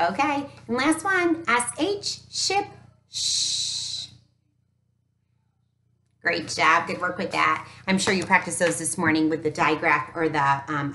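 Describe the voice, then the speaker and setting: A woman teacher giving a recorded phonics lesson to young children, upbeat and encouraging, sounding out each letter slowly. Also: low voice, sharp tone. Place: home teaching space with an easel. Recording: echoey room.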